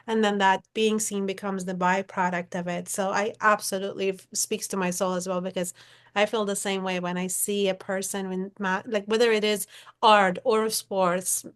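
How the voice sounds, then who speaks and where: A female podcast host speaks in a casual, encouraging way, affirming what her guest says before she asks reflective questions. Her voice sits at a middle pitch. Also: flat delivery, normal speed, smooth. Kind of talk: casual interview chat.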